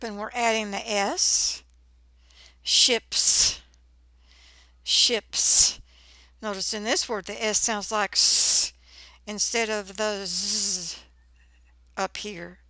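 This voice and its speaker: A woman teaching a phonics lesson to children, sounding out words slowly and clearly. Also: mid-range voice, pushed and bright, no echo. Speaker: reading teacher.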